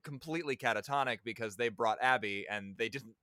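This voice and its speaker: A man's voice: medium pitch, a little fast, no echo, clean studio sound. A man co-hosting a podcast, casually recapping a holiday movie and laughing as he quotes the characters. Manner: laughing, animated quoting of characters. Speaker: podcast co-host.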